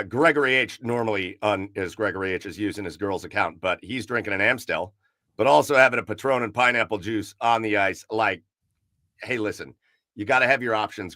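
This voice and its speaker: A chatty man hosts a relaxed sports talk show. His tone is bright and forceful, and he rambles along with plenty of fillers and repeated words. The sound is dry and close, with no room echo. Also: on the low side. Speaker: podcast host.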